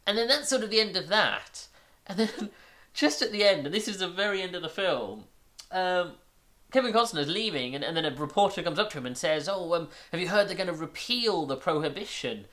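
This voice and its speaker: A man talks through a film he has just watched, meandering from point to point with plenty of halting restarts and filler words. He sounds amused and openly incredulous at what he describes, in an easygoing video-review manner. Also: high voice, animated, pushed and bright. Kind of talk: casual film recap and review.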